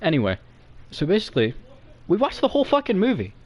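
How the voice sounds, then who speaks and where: A young man telling a comic story to friends in a rambling, profane, excitable way. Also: high-pitched, fast.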